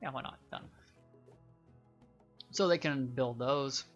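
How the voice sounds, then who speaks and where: A man's voice: medium pitch, takes it slowly, highs cut off, faint music behind. A young man hosting a gaming channel, giving casual, rambling game commentary with many fillers.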